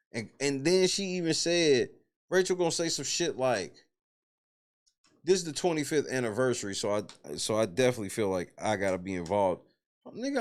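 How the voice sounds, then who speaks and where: A man hosting a casual talk show, reacting to a reality show with animated, profane disbelief. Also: medium pitch. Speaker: host.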